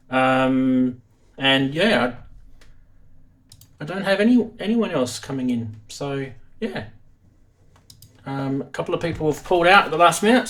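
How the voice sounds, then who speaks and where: A man's voice: medium pitch, fairly bright tone. An Australian man hosting a live stream from his home studio, chatting casually in a self-deprecating way.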